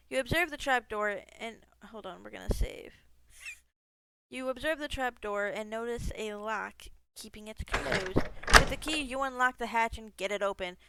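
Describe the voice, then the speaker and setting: A woman's voice: on the high side, creaky, noisy background. A woman gaming streamer reading a text game aloud, breaking off into casual asides, swearing freely and laughing at herself.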